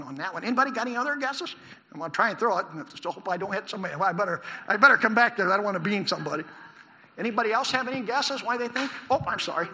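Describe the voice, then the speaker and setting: A man preaching a sermon in a church, animated, asking the congregation questions. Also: sits high. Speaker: pastor. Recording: long hall reverb.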